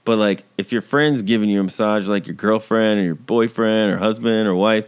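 A man's voice: fairly low pitch, steady tone, a little fast, clean tone. A man co-hosting a casual podcast, recapping a TV episode with blunt jokes and casual swearing. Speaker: podcast co-host.

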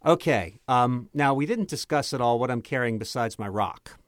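A man's voice: mid-range voice, lively intonation, normal speed, dry recording, clean studio sound. A man playing a dwarf in a tabletop game, chatty and rambling, often restarting his words. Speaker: player.

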